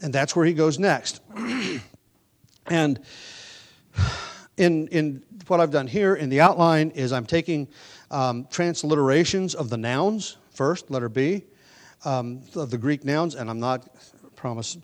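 With a slightly high voice and a somewhat slow delivery, a pastor preaches an expository sermon. He patiently explains grammar, often starting over, before building to forceful emphasis on key words.

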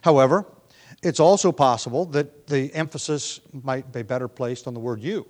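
A man's voice: mid-range voice, moderate pace, a little mellow. Conversational male preacher. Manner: conversational, thinking aloud with restarts and acted-out quotes. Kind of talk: sermon.

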